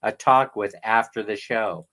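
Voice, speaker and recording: A man's voice: on the low side, unhurried, bright, forceful tone. A middle-aged man from California with a Californian accent, rambling and laughing as he hosts a casual livestream and greets viewers by name. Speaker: livestream host. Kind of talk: casual live-stream chat with viewers.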